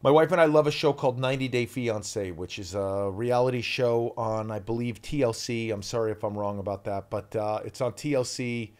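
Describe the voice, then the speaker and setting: A man's voice: mid-range voice, a little fast, hardly any pauses, a little mellow. Man, 40s, East Coast-raised, rambling chatty interview guest. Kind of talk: casual interview chat.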